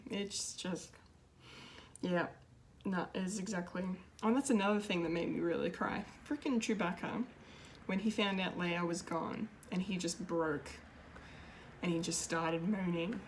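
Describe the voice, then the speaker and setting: A woman's voice: medium pitch, steady tone, measured pace, a little hiss or hum. A woman giving an unscripted, emotional film review, gushing and restarting her sentences with many fillers. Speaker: pop culture video reviewer.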